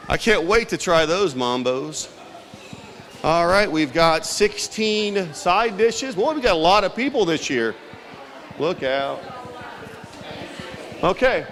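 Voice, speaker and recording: A man hosts a trivia game for a packed indoor hall, teasing the audience as he goes. His voice sits high and swings up and down with plenty of life. He takes his time between questions. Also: fairly bright tone. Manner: playful, joking with the crowd. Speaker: event emcee. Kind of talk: trivia quiz hosting at a community event. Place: large indoor hall with a crowd.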